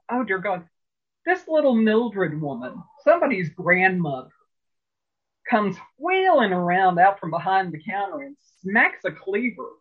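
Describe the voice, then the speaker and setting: A man in an interview telling stories in a rambling, chatty way, with lots of fillers and restarts. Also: sits high. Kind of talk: casual storytelling interview. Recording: phone-like narrow sound.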